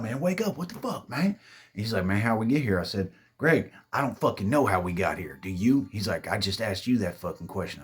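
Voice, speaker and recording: Brief: low, husky man spinning a profane spooky yarn, animated and loose. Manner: profane, animated storytelling, calls listeners babies. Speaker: storyteller. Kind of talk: casual ghost-story telling.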